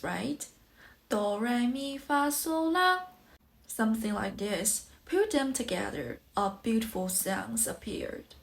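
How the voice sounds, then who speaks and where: A woman who speaks Mandarin Chinese natively, teaching a tutorial in English and carefully drawing out example syllables to show each tone. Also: medium pitch. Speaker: language teacher.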